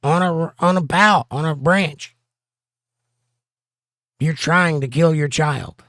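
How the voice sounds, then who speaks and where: A hoarse man hosting a casual livestream, reading chat comments aloud and joking around. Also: a little high, takes it slowly, a bit bright, no echo, studio quality. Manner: joking, playful banter.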